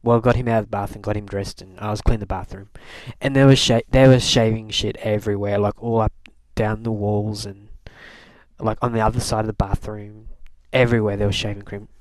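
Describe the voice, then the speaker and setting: A man's voice: fairly low pitch, flat delivery, fairly quick, no echo. A young man from Canada telling a rambling, wry diary-style story, full of fillers and restarts. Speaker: video blogger. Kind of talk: casual rambling diary talk.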